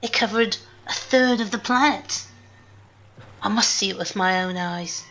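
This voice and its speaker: A woman's voice: medium pitch, measured pace, fairly bright tone, highs cut off. A woman doing a shaken Cockney woman from ages past. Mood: insistent. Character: shaken ancient woman awoken from long sleep.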